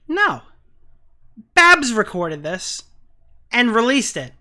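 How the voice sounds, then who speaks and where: A woman's voice: medium pitch, big pitch swings, slow, long pauses, sharp tone. A woman streamer giving live reaction commentary on an online drama, incredulous and swearing freely.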